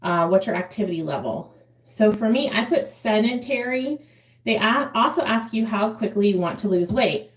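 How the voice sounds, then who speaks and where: A woman's voice: medium pitch, lively intonation, moderate pace. Chatty 40-something woman putting on makeup and talking to her live chat, laughs a lot, roomy echo. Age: 40s. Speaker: vlogger.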